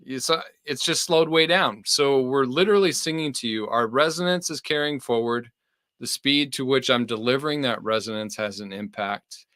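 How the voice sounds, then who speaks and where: Bright, forceful man on a dry mic. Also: medium pitch, moderate pace, dry recording. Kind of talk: casual podcast chat.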